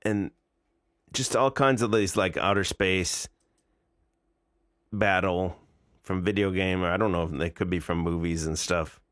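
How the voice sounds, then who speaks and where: A man's voice: low voice, unhurried, long pauses, fairly bright tone, no room sound, studio quality. A man in his forties streaming live, reacting to videos in casual, incredulous, mocking commentary. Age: 40s.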